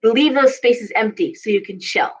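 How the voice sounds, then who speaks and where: A woman's voice: on the high side, normal speed, slightly rough, dull audio. A woman giving a casual live tarot reading, chatty and coaching, often repeating herself. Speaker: tarot reader.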